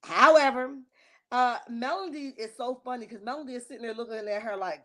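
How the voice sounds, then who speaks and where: A woman hosting a reality TV recap livestream, chatting casually with viewers in a lively, slangy, opinionated way. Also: fairly high pitch, brisk. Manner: lively and chatty, greets chat viewers by name.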